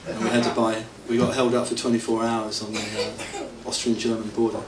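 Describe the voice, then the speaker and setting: This middle-aged man's voice sits on the low side and moves quickly in a monotone while he spins rambling, self-mocking stories, chuckling often. He's a devotee addressing an audience in a temple hall for its anniversary. The recording is roomy, from a distant hall mic, with faint hiss.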